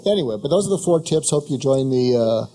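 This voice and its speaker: A man speaking as a radio show guest, soothing and calm, often halting and restarting his sentences. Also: medium pitch, a little hiss or hum. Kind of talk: casual radio interview. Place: radio studio.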